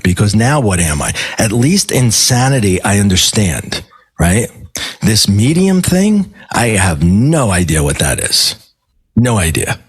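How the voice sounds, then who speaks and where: A middle-aged man, a guest on a podcast, telling a personal story in a casual, animated way and acting out the dialogue. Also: low-pitched, slightly rough. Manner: animated storyteller who acts out quoted dialogue and swears casually. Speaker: podcast guest, medium and life coach.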